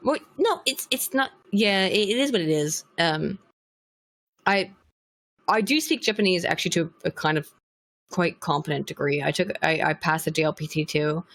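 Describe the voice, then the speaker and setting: A woman's voice: fairly low pitch, normal speed, fairly bright tone. A woman chatting as a guest on a podcast, talking bluntly and swearing freely as she rambles on. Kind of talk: casual podcast chat.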